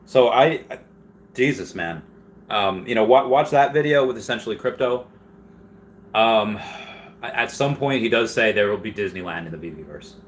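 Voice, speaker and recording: A man's voice: fairly low pitch, lively intonation, normal speed, a little hiss or hum. A man hosting a casual live stream, reading chat questions aloud and rambling through answers with frequent restarts.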